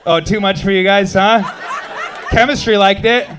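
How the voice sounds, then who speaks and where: A man's voice: high-pitched, steady tone, normal speed, noisy background. A man in his thirties doing stand-up comedy on a club stage, teasing the crowd with a punchy, wry delivery. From United States.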